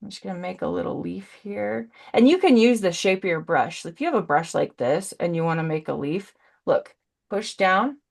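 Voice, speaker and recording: A woman's voice: on the low side, expressive, normal speed, creaky, a little mellow. A woman in her forties chatting through a live painting demo on a video call. She talks chattily and rambles, tossing in punny asides. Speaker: brand ambassador demonstrating paints.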